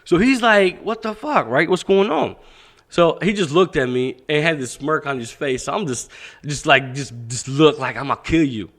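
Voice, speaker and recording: Animated man telling a story, swearing freely. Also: fairly high pitch, normal speed. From Pakistan. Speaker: podcast guest, boxing coach. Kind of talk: casual storytelling.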